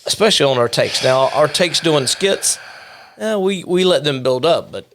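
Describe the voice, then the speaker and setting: A man co-hosting a casual podcast, his voice sitting a little high and swinging lively up and down. He jokes around and keeps pulling the chat back on track. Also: moderate pace, slight background noise. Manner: animated, jokey, keeps steering back on track. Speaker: podcast co-host.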